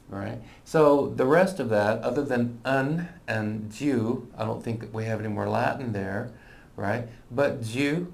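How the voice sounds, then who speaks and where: A man's voice: medium pitch, unhurried, creaky, a little mellow. A middle-aged man teaching an informal lesson, talking in a conversational way that thinks aloud with fillers and restarts. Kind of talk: informal lecture.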